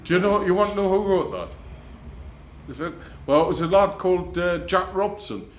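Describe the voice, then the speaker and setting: A man's voice: sits high, lively intonation, normal speed, background noise. A man, introducing a folk song with rambling, chatty storytelling. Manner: rambling, storytelling, quotes people in little voices. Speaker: folk club singer. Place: folk club room. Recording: echoey club room recording.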